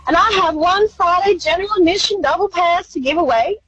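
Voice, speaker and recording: A woman's voice: very high-pitched, a bit bright, lo-fi sound. A woman with an Australian accent reporting live on location for radio, playful and bubbly. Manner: playful, bubbly, quick to laugh.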